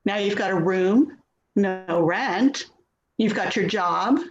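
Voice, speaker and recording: A woman's voice: medium pitch, slow pace, reverberant, lo-fi sound, close to an everyday voice. A woman in a readers theater reading, playing a frustrated daughter who pleads and coaxes with her mother's caregiver. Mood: pleading. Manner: pleading, exasperated, coaxing. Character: Louise, a frustrated, pleading middle-aged daughter. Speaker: actor in a staged reading.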